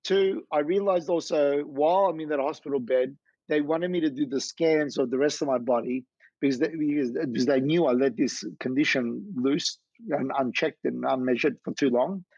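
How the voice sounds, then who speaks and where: Animated man telling his story. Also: fairly high pitch, moderate pace, dry recording. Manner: animated, acts out quoted dialogue. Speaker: guest, business founder. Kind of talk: storytelling in interview. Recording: dull lo-fi dry sound.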